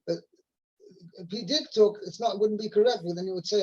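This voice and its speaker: A man teaching a weekly Torah portion over a video call, halting with fillers and restarts as he quotes Hebrew verses. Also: high-pitched, darkish tone. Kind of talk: explaining a weekly Torah text. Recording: muffled video call audio.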